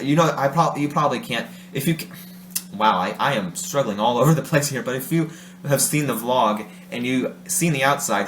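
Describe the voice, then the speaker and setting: A man's voice: lowish voice, a bit bright. Rambling man in a roomy room. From Ohio, USA. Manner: rambling, self-correcting, often laughing. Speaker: vlogger. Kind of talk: casual monologue. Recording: roomy room with faint hum.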